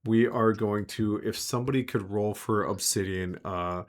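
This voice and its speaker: Man with a lowish voice as game master, loose and rambling narration. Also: moderate pace. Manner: rambling, full of filler words and restarts.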